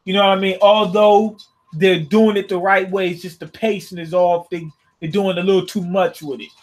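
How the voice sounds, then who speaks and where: A man casually reviewing a comic chapter, slangy and thinking out loud with laughs. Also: high-pitched, level tone, normal speed. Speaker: manga reviewer.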